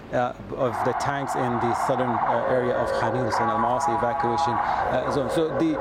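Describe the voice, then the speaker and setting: Halting male field reporter, noisy outdoors. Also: mid-range voice. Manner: halting, many restarts and fillers. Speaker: field correspondent. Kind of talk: live news report. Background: drone and street noise.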